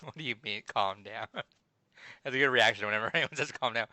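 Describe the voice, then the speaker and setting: A man's voice: mid-range voice, fast talker, sharp tone, no room sound. A man hosting a casual gaming podcast, running a trivia quiz and teasing his co-hosts with frequent laughs.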